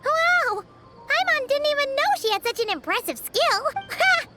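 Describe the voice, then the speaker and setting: A woman voicing an excitable tiny fairy companion who talks about herself in the third person, shrill and teasing. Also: normal speed. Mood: excited. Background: game music.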